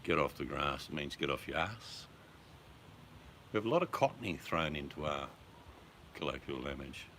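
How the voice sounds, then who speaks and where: An Australian man with a very low voice chats casually with his viewers, relaxed and talkative, throwing in swear words without a second thought. A faint hiss of background noise sits under his voice. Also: normal speed, long pauses.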